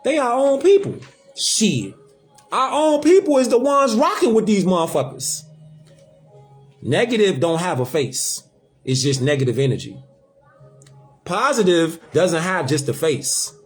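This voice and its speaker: Man, host, emphatic, profane, repetitive, high voice, lively pitch. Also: a little slow, pauses often, soft background music. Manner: emphatic, profane, repeats his points. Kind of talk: casual conversation, preachy.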